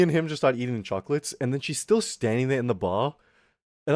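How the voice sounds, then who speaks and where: In a dry, studio-quality recording, a young man streams a casual, rambling rant full of swearing, speaking fast in a mid-range voice. He animatedly retells events, voicing the other people involved.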